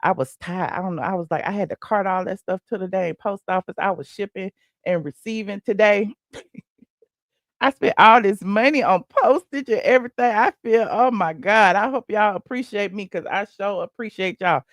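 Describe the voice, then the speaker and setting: A woman's voice: mid-range voice, normal speed, no room sound. A chatty woman hosts a casual live stream, laughing often as she reads her viewers' comments aloud. Her voice sits in a middle range and is recorded close and dry, with no room sound around it. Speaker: live-stream gossip host.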